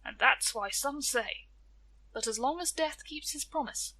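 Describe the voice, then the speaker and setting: Slow, bright-voiced woman storyteller. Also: high-pitched, rough recording. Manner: gentle, deliberate storytelling. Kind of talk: folktale narration.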